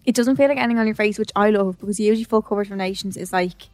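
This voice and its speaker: A woman's voice: mid-range voice, racing, a little mellow, no room sound, faint music behind. A young Irish woman co-hosting a podcast, talking in a chatty, enthusiastic way and laughing often. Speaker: podcast co-host. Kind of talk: casual chat.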